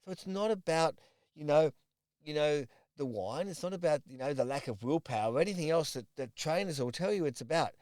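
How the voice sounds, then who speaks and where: A man's voice: a little high, animated, fairly quick, darkish tone, no echo, clean studio sound. A middle-aged man, a personal trainer talking to camera and telling a client's story in a conversational way, with repeated phrases and restarts. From Australia. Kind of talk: direct-to-camera coaching talk.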